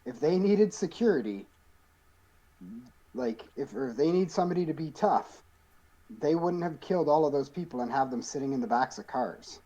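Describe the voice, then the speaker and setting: A man's voice: on the high side, animated, moderate pace, warm tone, dull audio. A man playing a character in a tabletop role-playing game, drawling and sarcastic. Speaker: player. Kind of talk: casual role-play as a player character.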